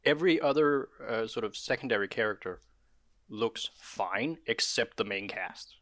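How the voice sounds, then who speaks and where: A man's voice: medium pitch, lively intonation, normal speed, a bit bright, no room sound, studio quality. A man co-hosting a podcast in casual chat, rambling and hedging with fillers as he talks. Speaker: podcast co-host.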